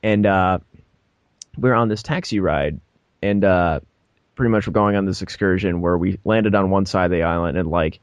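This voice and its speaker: A man's voice: low voice, moderate pace, smooth, no room sound, lo-fi sound. A young man on a podcast, telling a story casually and laughing as he acts out the people in it. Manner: animated, laughs mid-story, acts out voices. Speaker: podcast co-host.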